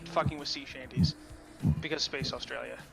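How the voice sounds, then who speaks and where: A man's voice: mid-range voice, steady tone, a little fast, creaky, a bit bright, faint music behind. A man playing a tabletop game, describing his character in a laid-back, chatty manner. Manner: laid-back, laughs at jokes. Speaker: player. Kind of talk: casual chat at a game table.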